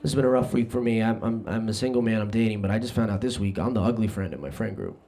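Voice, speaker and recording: A young man doing a stand-up comedy set on a club stage, brash and self-deprecating, throwing quick asides at the crowd. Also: on the low side, warm tone. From New Jersey. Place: comedy club stage before a live audience.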